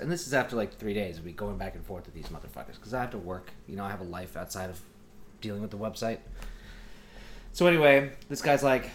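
A man's voice: fairly low pitch, animated, quick pace. A man telling a story in casual chat, profane and exasperated as he acts out both sides of phone calls.

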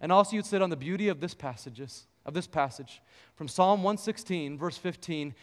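A man with a high, smooth, resonant voice preaches to his church. He moves from quiet storytelling into fervent reading of scripture. The sound carries a long reverb from the sanctuary. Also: normal speed. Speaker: pastor. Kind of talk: sermon.

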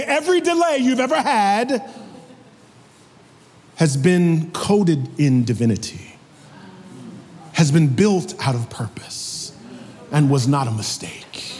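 High-voiced young preacher in a hall. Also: male voice, slight background noise. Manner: comic storytelling, lively and animated. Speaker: pastor. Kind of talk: sermon. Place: church sanctuary. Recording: echoey hall.

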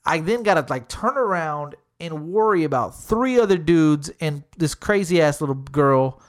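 A man's voice: a little high, normal speed. A man casually telling a tense personal story, swearing constantly and filling his talk with "literally" and "dude". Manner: animated retelling, acting out quotes.

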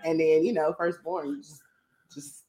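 A woman's voice: sits low, fairly even intonation, moderate pace, dark tone, slight background noise. A woman talking bluntly and with profanity in a casual podcast chat, telling stories. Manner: blunt, profane, storytelling with quoted voices.

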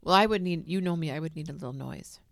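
A woman co-hosting a podcast, chatting casually in a relaxed, matter-of-fact way into a desk mic. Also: low voice, fast talker, creaky, dry recording. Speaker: podcast co-host. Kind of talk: casual chat. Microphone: desk microphone.

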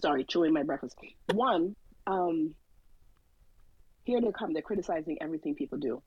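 A woman's voice: low-pitched, expressive, normal speed, husky, dry recording. A woman co-hosting a podcast in casual chat, amused, stammering and repeating her words. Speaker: podcast co-host. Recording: dull, dry lo-fi sound.

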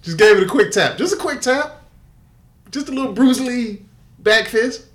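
A man's voice: very high-pitched, expressive, moderate pace, fairly bright tone. An older man telling a story in casual podcast chat, profane and laughing often. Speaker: podcast co-host.

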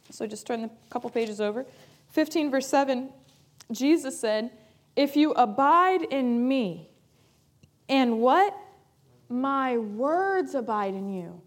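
A woman pastor preaching a sermon in an earnest, emphatic way, repeating key phrases for weight. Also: sits high.

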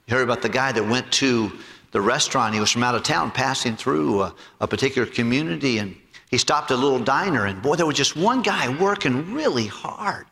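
A man preaching with lively, swinging pitch and a bright, forceful tone. He tells stories and acts out the voices of the people in them. His voice carries a long reverb, as in a big church hall. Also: a little fast, vocal fry. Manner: animated storytelling, acts out voices and jokes. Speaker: pastor. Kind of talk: sermon.

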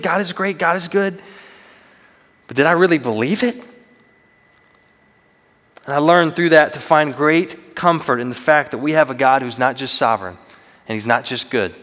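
A young male student minister preaches in an earnest, conversational way and pokes fun at himself. His voice sits fairly high for a man. The sound rings out with the long reverb of a large church sanctuary. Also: fairly bright tone. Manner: earnest, conversational, self-deprecating humor. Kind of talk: sermon.

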